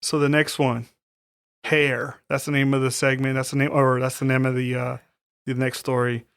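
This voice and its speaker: A man's voice: medium pitch, moderate pace, vocal fry, smooth, no echo, studio quality. A man co-hosting a podcast, recapping a horror movie in casual, profane chat. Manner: profane, animated storytelling with acted-out quotes. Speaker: podcast co-host.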